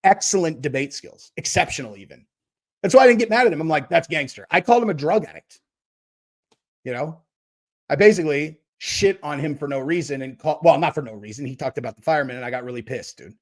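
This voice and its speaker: Guy on a livestream cussing out chat, kinda high voice, mocking and loud. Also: lively intonation, quick pace. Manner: profane, mocking, talks back to chat. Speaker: livestream host. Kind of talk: casual livestream rant.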